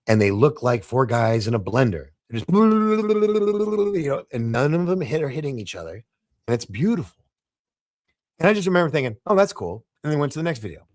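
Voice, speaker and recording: A middle-aged man, a podcast guest, telling animated anecdotes and acting out the dialogue in shifting voices. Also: mid-range voice, moderate pace, dry recording, clean studio sound. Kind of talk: casual storytelling in a podcast interview.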